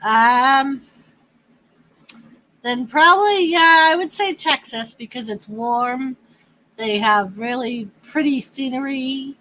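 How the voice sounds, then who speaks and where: A woman from the northeastern United States hosting a livestream, chatting casually in a drawn-out, easygoing way with laughs. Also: sits high, pushed and bright, rough recording. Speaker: livestream host. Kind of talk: casual chat with viewers and a partner.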